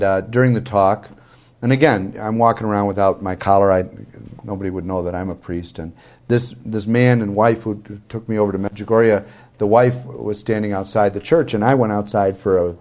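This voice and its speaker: Chatty priest telling a self-mocking story. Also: male voice, lowish voice, fairly even intonation, a little fast, darkish tone. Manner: chatty, self-mocking anecdotes with many restarts. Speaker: Catholic priest. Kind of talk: storytelling talk.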